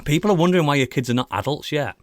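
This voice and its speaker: A man's voice: on the high side, expressive, rapid-fire, dry recording. A man hosting a casual podcast chat, teasing his co-hosts as he introduces them. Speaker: podcast host.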